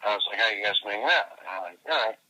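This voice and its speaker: Guy on a phone call swearing a lot, rambling story, super bright sharp voice. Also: on the low side, expressive, rapid-fire. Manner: profane, rambling storytelling with many fillers. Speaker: interviewee. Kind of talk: casual phone conversation.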